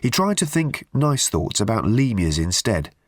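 A man narrating an audiobook with dry, expressive storytelling. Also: fairly low pitch, measured pace, no room sound. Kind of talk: scripted narration.

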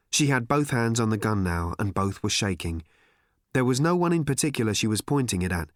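Man narrating with lively intonation. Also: fairly low pitch, fairly quick, no echo, studio quality. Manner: expressive storytelling. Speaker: audiobook narrator. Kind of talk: scripted narration.

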